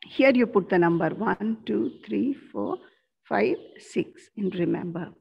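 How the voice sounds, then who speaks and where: A woman teacher, giving an online class from a school corridor, slowly repeating answers and spelling out words. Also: mid-range voice, animated, gravelly, husky. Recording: dull lo-fi sound.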